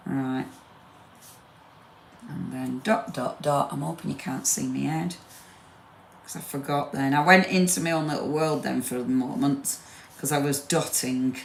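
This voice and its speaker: A woman's voice: deep voice, slow pace, creaky, pauses often, a little hiss or hum. A woman leads a live crafting demo, chatty and gushing with rambling asides. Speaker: craft demonstrator. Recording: roomy echo.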